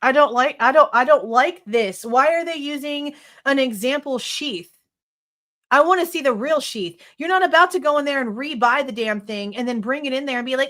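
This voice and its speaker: A woman's voice: fairly high pitch, a little fast, fairly bright tone. A woman hosting a live true crime stream, reading court documents aloud and ranting in exasperation, swearing freely. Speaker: true crime livestream host.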